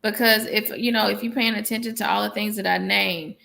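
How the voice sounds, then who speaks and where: Casting: woman panelist, gravelly fry in a bright tense voice, measured delivery. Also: medium pitch, fairly even intonation. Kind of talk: casual panel discussion on a live stream.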